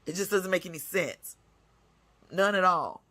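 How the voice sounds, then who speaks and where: A woman's voice: fairly low pitch, measured pace, bright, forceful tone. A woman hosting her own segment, delivering a blunt, scolding rant full of cursing. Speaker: segment host. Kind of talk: profane ranting monologue.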